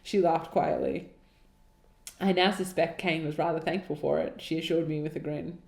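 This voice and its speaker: A woman's voice: low-pitched, fairly even intonation, moderate pace, gravelly, darkish tone. A woman co-hosting a podcast, reading her old writing aloud with exasperated, laughing, sarcastic asides. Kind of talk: dramatic reading with mocking commentary. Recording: roomy echo.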